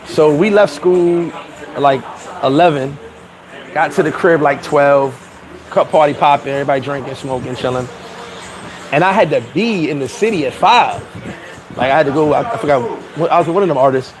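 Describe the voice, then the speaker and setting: A man's voice: on the high side, normal speed, background noise. A man, hosting and telling profane, laughing stories in casual chat. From New York. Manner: animated, profane, laughing storyteller. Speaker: host. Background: crowd chatter.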